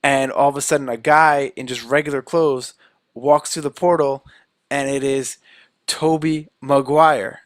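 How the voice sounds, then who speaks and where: In a relaxed podcast chat, a man retells a film scene after scene, acting out the characters' quotes animatedly. He's a co-host with a medium-pitched voice, speaking a little slowly, with no room sound.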